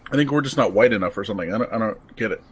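A man's voice: fairly low pitch, very fast, a little hiss or hum. A man co-hosting a podcast, chatting casually in a laid-back, matter-of-fact way. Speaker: podcast co-host. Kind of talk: casual chat.

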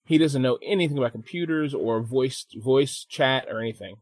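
A man co-hosting a casual podcast chat, swearing freely and telling animated stories. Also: medium pitch, moderate pace, no echo. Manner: profane, animated storytelling with mimicked voices. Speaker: podcast co-host.

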